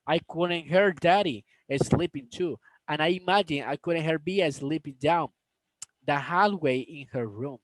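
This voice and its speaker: A man reads a novel aloud at a slow, deliberate pace, sometimes tripping over words and starting them again. His voice sits fairly high, and it is recorded dry and close, with no echo. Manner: slow, careful reading with stumbles and restarts. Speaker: storybook reader. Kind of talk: reading a novel aloud with asides to viewers.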